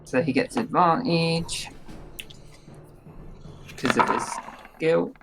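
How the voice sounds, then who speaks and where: A man's voice: on the high side, takes it slowly, vocal fry, background noise. A man acting as game master, casually narrating the action of a tabletop game between laughs.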